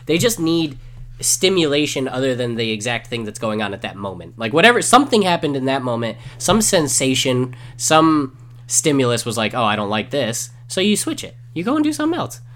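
A man's voice: medium pitch, moderate pace. A man co-hosting a casual chat, joking and acting out lines as he tells stories. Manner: joking and animated, acts out quoted lines.

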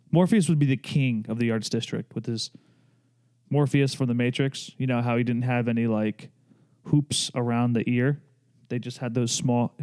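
A young man hosts a podcast, chatting loosely and cracking jokes, with plenty of filler words and tangents in this casual conversation. His medium-pitched voice is a little mellow, with a clean tone.

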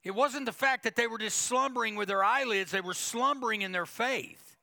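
A man's voice: very high-pitched, fairly quick, vocal fry, sharp tone. A male pastor preaching a sermon, emphatic, with repetition and quoted asides to the congregation.

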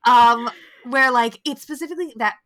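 A young woman co-hosting a podcast in casual chat, animated, swearing freely and acting out quotes. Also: medium pitch, fairly quick, slight background noise. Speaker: podcast co-host.

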